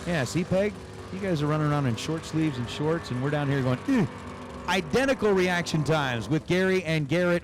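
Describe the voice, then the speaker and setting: A man's voice: fairly high pitch, slight background noise. A man announcing drag races on a livestream, calling numbers and chatting with viewers between runs. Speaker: race announcer. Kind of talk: livestream race commentary with chat.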